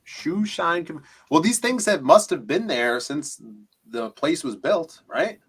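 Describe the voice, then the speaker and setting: A man chats and jokes on a comics podcast, with a husky voice that bends up and down a lot. His tone is bright and his delivery playful. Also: on the high side, expressive, takes it slowly. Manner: joking, playful. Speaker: podcast co-host. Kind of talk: casual chat.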